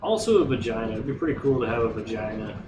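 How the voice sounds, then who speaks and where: A man's voice: mid-range voice, quick pace, far from the mic, background noise. A man giving chatty, rambling let's play commentary, recorded off-mic in a roomy space with game music behind. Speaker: gamer streamer.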